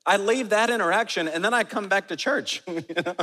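A middle-aged man preaching a sermon as pastor, moving from prayer into an animated, lively story. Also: high-pitched, brisk. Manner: animated storyteller, acts out quotes. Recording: hall reverb.

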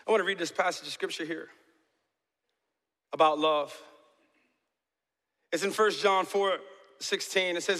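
A middle-aged man preaching a sermon as pastor in a large church, swinging from impassioned shouts to soft, intimate talk. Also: high-pitched, steady tone, measured pace, long pauses. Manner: passionate, builds to shouting then drops to soft and intimate. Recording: long reverb of a large hall.

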